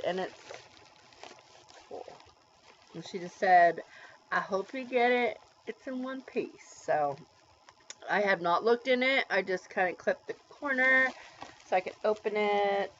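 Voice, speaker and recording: Excitable woman vlogger, slow and dull. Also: fairly high pitch, a little hiss or hum. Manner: bubbly, excitable, gushing. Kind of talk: casual unboxing vlog. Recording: dull lo-fi home recording.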